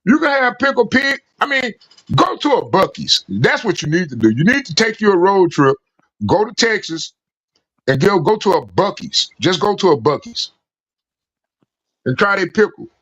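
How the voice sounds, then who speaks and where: A man calling in to a stream, chatting and telling rambling stories with animated laughter. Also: high voice, moderate pace. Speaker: regular caller on a call-in stream. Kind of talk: casual chat and storytelling. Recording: muffled lo-fi call audio with fan noise.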